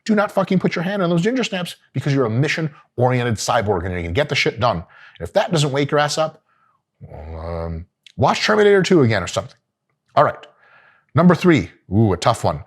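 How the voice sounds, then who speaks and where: A middle-aged man hosting, giving profane, joking diet advice with bursts of mock outrage. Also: mid-range voice. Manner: brash, swearing, jokey, swings into mock outrage. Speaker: host. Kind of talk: profane comedic advice talk.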